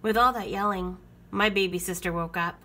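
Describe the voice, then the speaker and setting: A woman with a mid-range voice reads a children's picture book aloud at a moderate pace, telling the story expressively.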